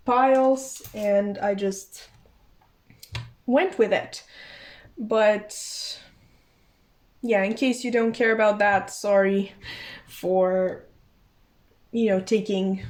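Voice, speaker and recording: A woman's voice: medium pitch, a little mellow. A young woman chatting casually through a tarot card reading, thinking aloud, often apologizing and restarting her sentences. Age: young adult. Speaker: tarot reader.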